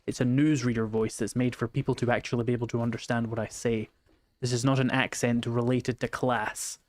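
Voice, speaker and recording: Scottish streamer, man, mid pitch, light vocal fry, wry casual chat. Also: little pitch movement, fairly quick, dry recording. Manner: chatty, wry, reading chat aloud.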